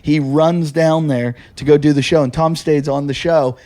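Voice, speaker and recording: Man with a slightly raised pitch, comedian telling road stories in loose podcast chat, animated, laughs easily, swears a lot. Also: moderate pace. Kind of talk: casual storytelling chat.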